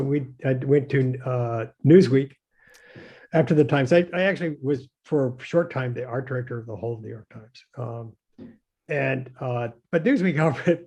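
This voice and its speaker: This older man is a designer on as a guest, and his voice sits at medium pitch with a darkish tone. In casual conversation he rambles hesitantly through his anecdotes, peppering them with fillers and little chuckles.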